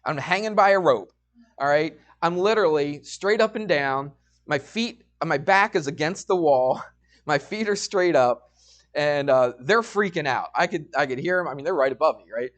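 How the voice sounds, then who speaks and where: A man's voice: a little high, animated, moderate pace, a bit bright. A middle-aged man teaching a college math class, telling a personal story in a chatty way and often checking in with students. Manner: chatty, storytelling, asks frequent check-in questions.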